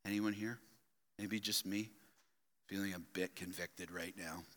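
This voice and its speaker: A man preaching a sermon, swinging between loud emphatic outbursts and quiet, low asides, often asking his listeners rhetorical questions. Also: steady tone, unhurried, long reverb tail. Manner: addresses listeners as "loved ones" and asks rhetorical questions. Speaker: pastor. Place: church sanctuary.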